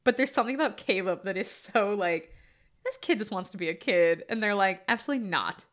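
A woman co-hosting a casual movie podcast, animated and quick to laugh as she acts out scenes. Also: medium pitch. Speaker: podcast co-host.

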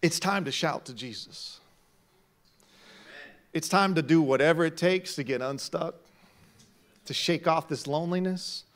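A middle-aged male pastor preaching a sermon, swinging from quiet talk to loud shouts. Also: fairly high pitch, a little slow, long pauses.

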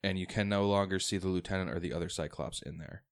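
Low-voiced man running a tabletop game. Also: steady tone, fast. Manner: explains rules step by step, thinks aloud. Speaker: game master.

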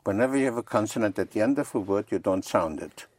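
A man's voice: fairly low pitch, expressive, fast, a little mellow, slightly rough, no room sound. A man teaching a class in a patient manner, repeating and spelling out words for his learners. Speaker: French teacher.

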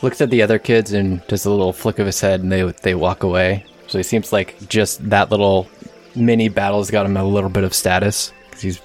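Male game master, lowish voice, tabletop narration, faint music behind. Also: flat delivery, a little fast, a little mellow.

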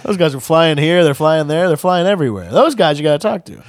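A man co-hosting a comedy podcast, riffing in casual banter and bursting into shouted impressions. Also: fairly high pitch, expressive, quick pace, background noise. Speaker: podcast co-host.

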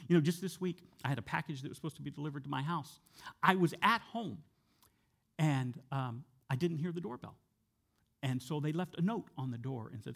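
A male pastor preaching a sermon in a conversational way, sometimes dropping soft and slow for emphasis. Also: on the high side, creaky. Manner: conversational with fillers and repeated words.

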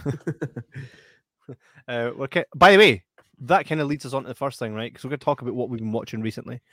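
A man's voice: mid-range voice, fast talker, no echo. Guy cohosting a stream, chatty, laughs lots, dry sound. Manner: lively, laughs often, reads out comments. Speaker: co-host of a live stream. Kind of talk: casual chat.

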